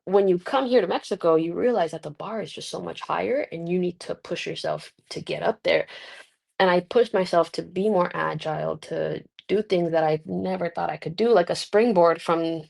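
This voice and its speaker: A woman's voice: fairly low pitch, moderate pace, creaky. A young woman wrestler in a casual interview, telling stories with quoted voices and frequent laughter. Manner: laughs often, animated storytelling with voiced quotes. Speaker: guest wrestler. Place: Mexico.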